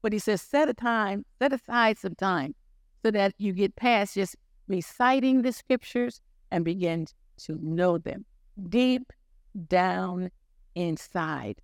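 A woman's voice: mid-range voice, measured pace, no echo, clean studio sound. An older woman preaching a sermon, telling her own story in an earnest, repetitive way.

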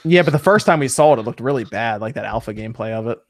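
A man's voice: mid-range voice, lively intonation, no room sound, studio quality. A man hosting a casual gaming talk show, reading out viewer messages and giving his opinions. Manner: quick, upbeat, reads out chat questions.

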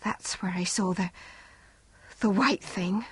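A woman's voice: sits high, very animated, slow, voice pushed up, heavily acted. A woman voicing a vague, reluctant village housewife who speaks hesitantly.

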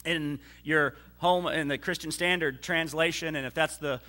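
A man preaching a sermon as a pastor, teaching slowly with frequent fillers and restarts, and speeding up when he reads scripture aloud. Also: a little high, fairly even intonation, bright, forceful tone. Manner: reads scripture quickly, then slows to explain.

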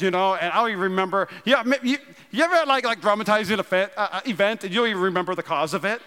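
A man in his thirties from North Dakota, preaching a sermon with animated storytelling and self-deprecating humor. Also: sits high, rapid-fire, smooth. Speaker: pastor. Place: large church auditorium. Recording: long hall reverb.

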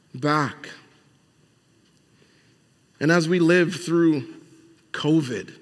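A man's voice: high-pitched, fairly bright tone. A male pastor preaching a sermon in a conversational style, with emphatic rhetorical questions and frequent restarts. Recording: long hall reverb.

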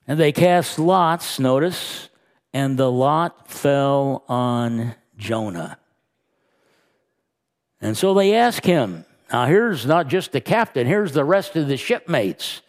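A man pastor preaching a sermon, slow and emphatic, rising and quickening when he retells scenes. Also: medium pitch, lively intonation.

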